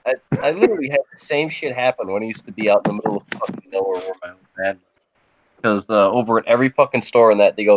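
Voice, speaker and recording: A man's voice: lowish voice, quick pace. A man in casual podcast chat, swearing a lot and laughing along with his own stories. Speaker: podcast co-host. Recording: dull, dry lo-fi sound.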